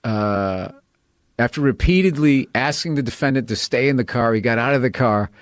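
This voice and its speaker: A man's voice: mid-range voice, normal speed, no echo. A man in casual podcast chat, telling profane stories and laughing as he goes.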